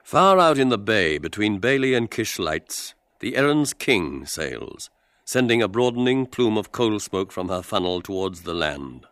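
Narrator: a man with a very low voice, measured, reading stage directions. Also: sing-song, a bit bright, no echo.

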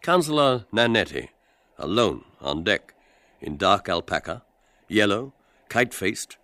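Deep male narrator reading stage directions, measured and vivid. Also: big pitch swings, fairly bright tone, dry recording.

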